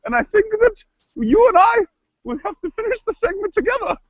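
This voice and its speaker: A man playing a squeaky, kooky woman chef. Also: very animated, dry recording. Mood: chirpy. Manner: rambling, halting, stuck on filler words. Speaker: improv performer. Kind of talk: improvised comedy scene. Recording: dull lo-fi online call audio.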